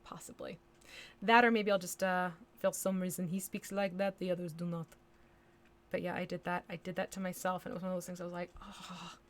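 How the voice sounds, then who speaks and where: A woman's voice: lowish voice, level tone, a little fast. Chatty woman painting on a livestream. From United States. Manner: chatty, thinks aloud, hums nonsense syllables. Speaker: miniature painting livestream host. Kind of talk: casual chat while painting live.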